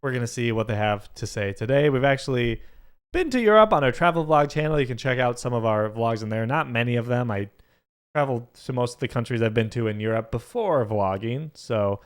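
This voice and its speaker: Casual male co-host, clear smooth voice, joking reaction-video chat. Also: medium pitch, animated, a little fast. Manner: jokey, breaks into mock accents.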